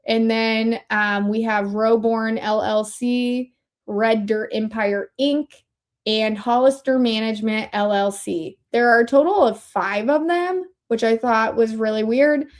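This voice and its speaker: A woman's voice: fairly high pitch, steady tone, unhurried. A woman hosting a casual commentary livestream, who talks in a chatty, rambling way and often interrupts herself. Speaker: livestream host.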